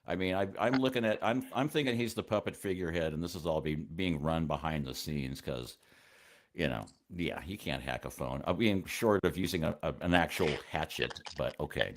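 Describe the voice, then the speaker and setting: A man's voice: a bass voice, moderate pace. A man on a live-stream chat, making sardonic remarks with stumbling restarts.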